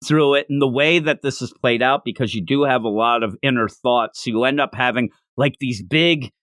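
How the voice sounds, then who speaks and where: Brief: male podcast co-host, mid-pitch, dry close sound, lively manga recap with acted-out lines. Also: normal speed, no echo. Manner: animated, acts out character lines while recapping. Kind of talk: casual manga review chat.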